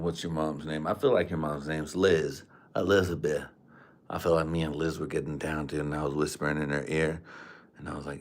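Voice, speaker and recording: A man's voice: low voice, lively intonation, moderate pace. Crude rambling man on a home livestream. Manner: crude, rambling, trash-talking. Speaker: livestream host. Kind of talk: crude casual livestream chat. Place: room at home. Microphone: desk microphone.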